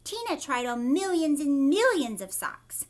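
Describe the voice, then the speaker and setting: A woman teacher reading a children's book aloud, animated and asking her young listeners questions. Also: high-pitched, a little slow. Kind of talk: read-aloud storytime for children.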